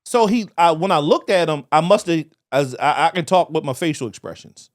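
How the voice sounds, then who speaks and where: A man with a Baltimore accent telling a profane, animated story on a casual podcast, acting out voices as he goes. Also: a little high, a little fast, no echo, clean studio sound. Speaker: podcast co-host.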